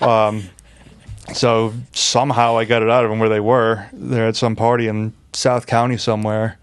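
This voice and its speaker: A man's voice: on the low side, little pitch movement, normal speed, clear, resonant tone. Profane laughing man telling wild stories. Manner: profane, laughing, acts out quotes in raised voices. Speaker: podcast guest. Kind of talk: casual storytelling.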